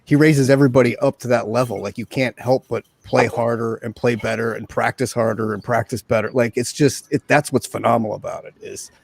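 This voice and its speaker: A man's voice: mid-range voice, fairly even intonation, brisk, gravelly, few pauses, slight background noise. A man chatting enthusiastically as a fan on an online show, peppering his speech with "like". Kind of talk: casual chat on a video call.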